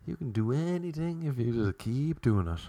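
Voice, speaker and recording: A man's voice: medium pitch, lively intonation, moderate pace, warm tone, no echo. A young Irish man with an Irish accent, rambling through a loose comic monologue and drifting off on tangents. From Ireland. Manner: loose, jokey, goes off on tangents. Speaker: comedian.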